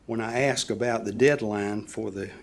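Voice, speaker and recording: A man with a scratchy voice giving a public comment to a county board at a podium microphone. He reads measured, prepared remarks and clears his throat now and then. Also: fairly low pitch. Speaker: resident addressing county board. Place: county meeting chamber.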